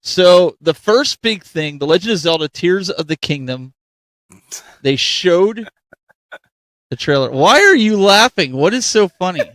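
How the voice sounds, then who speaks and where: A man's voice: high-pitched, unhurried, no room sound. A middle-aged man from Ohio, hosting a casual panel chat and rambling with lots of restarts. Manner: rambling, animated, restarts often. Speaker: podcast host.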